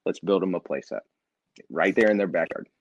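A man, a nonprofit founder and interview guest, telling a personal story in casual conversation and acting out quoted dialogue with lively energy. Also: sits low, fairly quick, husky, no room sound, highs cut off.

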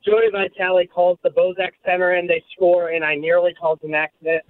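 A man calling in to a radio show, excited and rambling about a hockey win. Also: high voice, fairly quick, a crowd in the background. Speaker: caller. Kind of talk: excited call-in chat. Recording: phone line.

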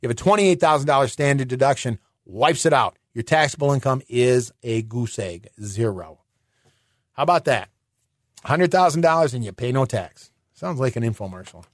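A middle-aged man hosting a finance radio show, explaining in a chatty way with rhetorical questions and quick restarts. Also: medium pitch, animated, no echo, studio quality.

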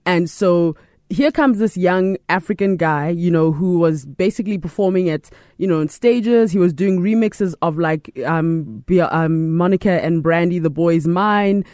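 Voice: mid-range voice, a little slow, darkish tone, no room sound. A chatty interview host who agrees readily and laughs along. The voice is dry and close, with no room sound. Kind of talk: casual interview.

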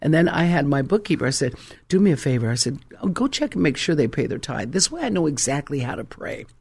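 Middle aged preacher guy telling a story in his sermon, bit high voice, goes quiet then loud. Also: sing-song, fast talker, husky. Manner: storytelling preacher, dramatic shifts between soft and loud. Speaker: pastor.

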